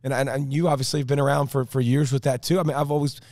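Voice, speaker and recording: A man's voice: medium pitch, flat delivery, very fast, a little mellow, no room sound, clean studio sound. A man co-hosting a podcast, chatting casually and rambling through his thoughts with many restarts. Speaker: podcast co-host. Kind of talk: casual chat.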